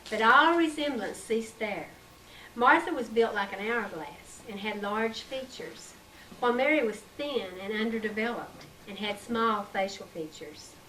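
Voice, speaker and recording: A woman reading her own story aloud in a measured, expressive way, recorded on an old tape. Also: on the high side. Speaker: author reading her book. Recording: distant mic, faint hiss, 1990s tape.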